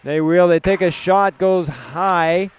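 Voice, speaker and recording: Play-by-play hockey caller, male, from Canada, smooth tone. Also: high-pitched. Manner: rapid clipped puck-by-puck calls. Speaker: play-by-play commentator.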